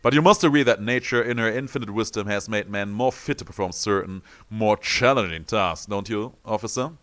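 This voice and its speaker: A man voicing a gruff, indignant old ex-soldier who blusters and lectures in an old-fashioned way. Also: fairly low pitch, a little fast, a bit bright, close to an everyday voice. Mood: haughty.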